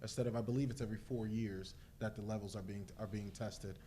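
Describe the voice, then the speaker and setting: A man's voice: lowish voice, steady tone, fast talker, dark tone, a little hiss or hum. Hesitant man on a community panel. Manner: earnest, hesitant with many fillers. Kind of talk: panel discussion.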